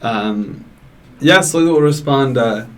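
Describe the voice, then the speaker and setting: A man playing a tabletop game in a game store, slow and halting as he describes his character. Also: mid-range voice, expressive. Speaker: player.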